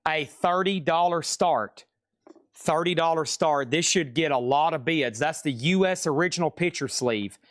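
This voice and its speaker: Male auction host for a live record sale: quick, chatty bid-calling, slightly high pitch, dry recording. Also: fairly bright tone, no echo.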